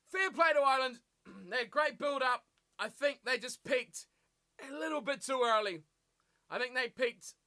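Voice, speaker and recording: A man commentating live on a rugby match for his stream, animated and full of rhetorical questions, reading viewer chat aloud and answering it. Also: very high voice.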